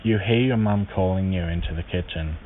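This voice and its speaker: A man calmly reading short horror stories aloud as a channel's host, recorded on a tinny, lo-fi mic. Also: deep voice, brisk. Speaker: horror story reader. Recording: tinny lo-fi mic with faint hiss.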